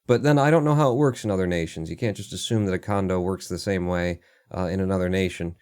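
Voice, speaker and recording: A man's voice: low voice, fast, a little mellow, clean tone. A man livestreaming, rambling through casual commentary in a sardonic and profane way. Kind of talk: casual live-stream commentary.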